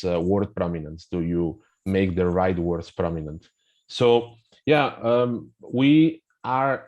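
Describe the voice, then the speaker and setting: A man with a Spanish accent, a native Spanish speaker, explaining a pronunciation app in a webinar in a halting way with frequent restarts. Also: low-pitched, a little mellow, highs cut off. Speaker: guest presenting a pronunciation app.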